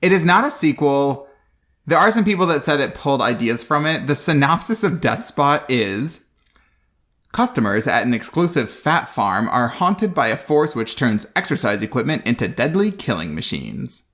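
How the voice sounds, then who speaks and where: Dry, sarcastic man with a lively voice. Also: medium pitch, moderate pace. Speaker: podcast co-host. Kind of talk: casual comedic movie recap.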